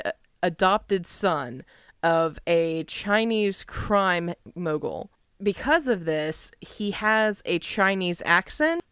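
A woman's voice: on the low side, fairly bright tone, clear, resonant tone, no room sound. A young woman co-hosting a casual podcast, giving dry, wry commentary on a movie. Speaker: podcast co-host. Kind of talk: casual chat reviewing a movie.

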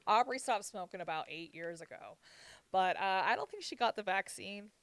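Bright, crisp-voiced young woman gossiping. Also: medium pitch, animated, moderate pace, no room sound. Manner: storytelling with frequent laughs and "like" fillers. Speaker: podcast co-host. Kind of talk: casual gossip chat.

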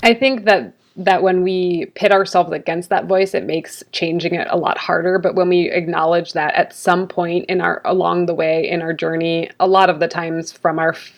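Gravelly low-voiced woman, earnest. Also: fairly even intonation, normal speed. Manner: reflective, earnest, many fillers. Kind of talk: conversational interview.

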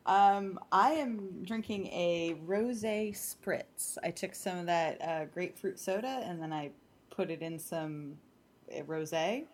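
A woman's voice: lowish voice, slow. A woman co-hosting a podcast, chatting in a bubbly way and laughing often. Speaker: podcast co-host. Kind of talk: casual chat.

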